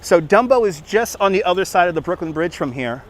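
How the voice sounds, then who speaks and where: Casual male tour guide in his 40s, high voice, chatty live-streamer recording outdoors on a phone. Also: expressive, fairly quick. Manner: chatty, laughs at his own jokes. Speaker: livestreaming walking tour guide. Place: outdoors on city streets and a park. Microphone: phone on a handheld gimbal.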